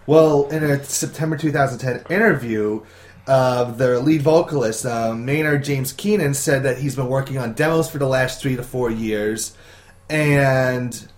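A man co-hosting a casual amateur talk show, chatting through entertainment news and reciting dates and facts with a few fillers. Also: mid-range voice. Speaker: co-host presenting entertainment news.

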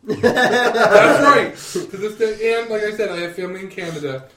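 A man's voice: sits high, normal speed, recorded from a distance, a crowd in the background. A man on a casual podcast, joking and laughing often as he talks. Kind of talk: casual chat. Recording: echoey room, off mic.

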